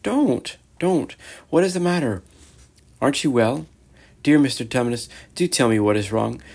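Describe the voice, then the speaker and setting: A man voicing a kind, earnest young girl who speaks gently and pleads. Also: mid-range voice, moderate pace, gravelly. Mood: distressed.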